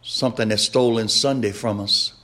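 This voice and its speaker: A man preaching a sermon, slow and emphatic, repeating his refrains and rising to shouts. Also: lowish voice, fairly even intonation.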